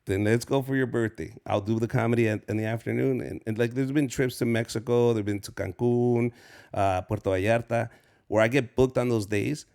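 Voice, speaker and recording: A Southern California stand-up comedian in his forties, guesting on a casual storytelling interview, spins loose, profane stories and acts out voices. His mid-range voice moves at a moderate pace with some vocal fry.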